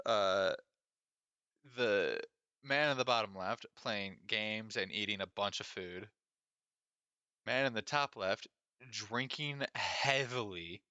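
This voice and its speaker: A man's voice: fairly low pitch, sharp tone, no room sound, lo-fi sound. A man streaming a game, jokey and swearing with laughs, with game music behind. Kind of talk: let's-play commentary.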